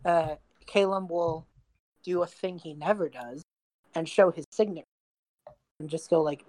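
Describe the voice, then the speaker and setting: A woman's voice: fairly low pitch, measured pace, pauses often, darkish tone. A woman playing a tabletop game, describing her character's actions casually, with some hesitation. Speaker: player.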